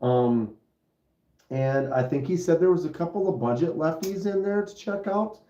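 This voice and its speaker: A man's voice: on the high side, normal speed, mellow. A man hosting a casual live stream about knives, rambling at an easy pace with lots of fillers, recorded on a phone microphone. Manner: rambling, laid-back, many fillers. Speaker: knife channel host. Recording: muffled, roomy phone audio.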